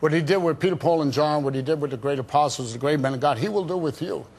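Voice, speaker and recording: A man with a fairly high voice tells his story in a rush of excitement as a guest on a Christian TV talk show. He then turns to fervent preaching and prayer. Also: quick pace, slightly rough. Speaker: evangelist guest.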